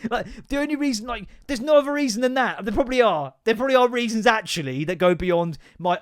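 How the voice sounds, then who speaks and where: A man's voice: very high voice, lively intonation, quick pace, hardly any pauses, clean tone. A man hosting a podcast, ranting in casual chat, sweary, sarcastic and exasperated. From England. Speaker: podcast host.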